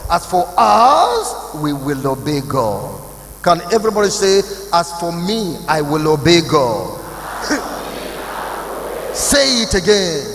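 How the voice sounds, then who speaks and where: A man, a pastor, preaching emphatically to a youth conference and acting out the voices he quotes. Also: sits high. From Nigeria. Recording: echoey hall recording.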